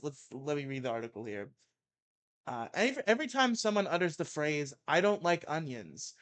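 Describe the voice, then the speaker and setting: A man's voice: fairly high pitch, a bit bright. A young man co-hosting a casual show, reading a comedy article aloud with mock outrage and laughing at his own reading. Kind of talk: casual chat and comic dramatic reading.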